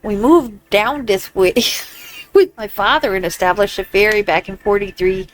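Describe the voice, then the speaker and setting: A woman's voice: medium pitch, normal speed, lightly acted, low-quality recording. A woman reading the lines of a male frontier ferryman in a video game, trying a put-on accent. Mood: matter-of-fact. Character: male ferryman, frontier river-crossing operator.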